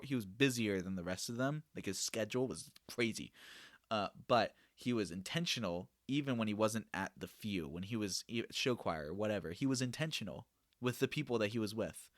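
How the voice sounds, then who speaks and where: A man's voice: lowish voice, a bit bright, no echo, clean studio sound. A young man hosting a casual Q&A podcast, talking earnestly and rambling with frequent self-corrections about mentoring students. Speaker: podcast host and youth discipler.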